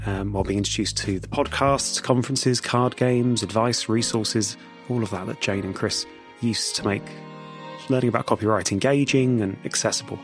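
A man hosting a podcast speaks at medium pitch, narrating and chatting in a relaxed way while tucked in a quiet spot at the back of a conference. His talk is self-deprecating and loaded with fillers.

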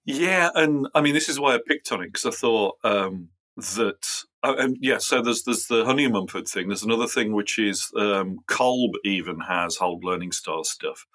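A man's voice: lowish voice, normal speed, few pauses, sharp tone, low-quality recording. A man with an English accent, co-hosting a casual chat, talking loosely with fillers and restarts, declamatory when he reads aloud. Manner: declamatory when reading, chatty with fillers in talk. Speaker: podcast co-host. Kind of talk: casual chat and comic dramatic reading.

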